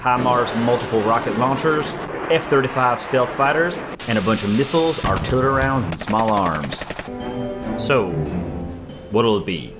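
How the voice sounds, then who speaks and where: A man's voice: medium pitch, expressive, moderate pace, over music, close to an everyday voice. A man doing a folksy salesman America countryball. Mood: salesy.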